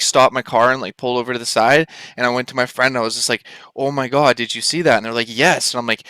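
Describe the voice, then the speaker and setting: A man's voice: mid-range voice, no echo. A man in his thirties from Canada, casually telling a personal story in a rambling way, full of "like.". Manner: rambling, lots of filler "like", excited retelling. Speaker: vlogger.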